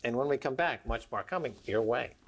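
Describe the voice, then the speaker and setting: A man's voice: medium pitch, lively intonation, fairly quick, heavy background noise. A man hosting a financial talk show, joking wryly and laughing at his own lines. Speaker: show host.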